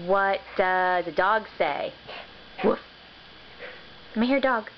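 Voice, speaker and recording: A woman coaxing a toddler in a slow, sing-song, encouraging way, recorded on a muffled home video with background noise. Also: medium pitch.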